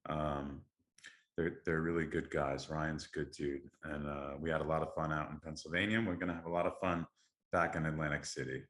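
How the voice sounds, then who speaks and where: A man's voice: very deep voice, little pitch movement, a little fast, a bit bright. A man hosting a casual podcast, talking in an upbeat, enthusiastic way. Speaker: podcast host. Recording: echoey room.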